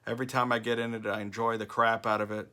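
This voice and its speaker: Older male vlogger with a bright, forceful tone, chatty and animated. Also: fairly low pitch, fast, clean tone. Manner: chatty, animated storytelling with quoted voices. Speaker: vlogger host. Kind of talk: casual talking-head vlog.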